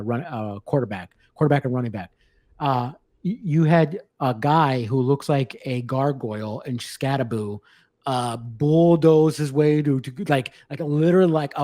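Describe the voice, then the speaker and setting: Male podcast co-host, rambling and blunt, mellow voice, dry close sound. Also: mid-range voice, no echo. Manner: rambling, frequent restarts, blunt and profane. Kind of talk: casual sports chat.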